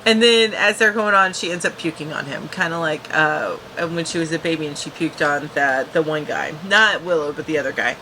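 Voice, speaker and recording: Woman, TV reviewer; casual, rambling recap delivery, bright forward tone. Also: low voice, fairly quick, hardly any pauses, slight background noise, rough recording. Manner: chatty, restarts and fillers.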